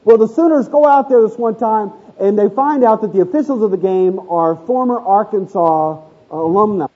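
High-voiced man preaching, thin audio. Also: normal speed, warm tone, husky, lo-fi sound. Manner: conversational, storytelling, asks the congregation questions. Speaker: pastor. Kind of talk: sermon with audience interaction.

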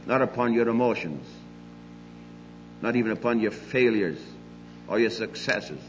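An older man preaching a sermon, emphatic, moving between loud declarations and quiet asides. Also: on the low side, lively intonation, normal speed, long reverb tail, lo-fi sound, a little hiss or hum.

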